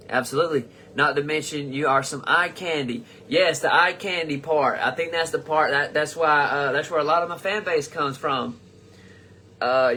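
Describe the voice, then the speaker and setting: Bright, profane young man hosting a livestream. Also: mid-range voice, a little hiss or hum. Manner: rambling and profane, with frequent restarts. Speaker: comedian host of a live show. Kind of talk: casual livestream reading fan comments aloud.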